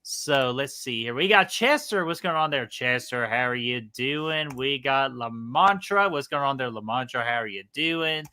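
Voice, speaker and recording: A man's voice: mid-range voice, lively intonation, normal speed, few pauses, sharp tone, smooth. A man co-hosting a casual live stream, upbeat and chatty, greeting viewers by name. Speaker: co-host of a movie watch party stream.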